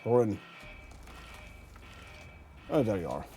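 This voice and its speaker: A young man with a Dutch accent talks slowly and easily at a desk mic, chuckling now and then as he answers chat. His voice is mellow and warm. Game music plays faintly behind him. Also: on the low side. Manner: relaxed, chatty, chuckles often, drifts between languages. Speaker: game streamer. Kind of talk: casual gameplay commentary, reading chat.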